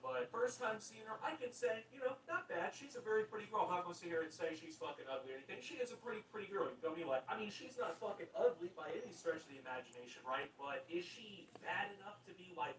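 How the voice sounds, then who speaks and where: A man's voice: high voice, a bit bright. Rambling young man in an echoey room. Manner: rambling, profane, fillers of like and bro. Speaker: commentary channel host. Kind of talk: casual commentary. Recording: echoey room, mic at a distance, faint noise.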